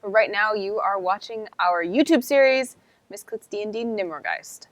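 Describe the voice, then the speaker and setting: A woman's voice: medium pitch, moderate pace, dry recording. Upbeat woman player at a tabletop game. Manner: upbeat, chatty. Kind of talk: casual tabletop play.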